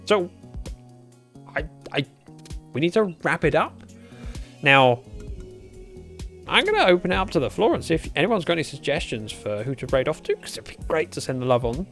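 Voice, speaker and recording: A man's voice: on the high side, very animated, moderate pace, pauses often, fairly bright tone, soft background music. A man streaming a game and reading it aloud, chatty and a little worn out after a long session. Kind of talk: livestream game reading and commentary.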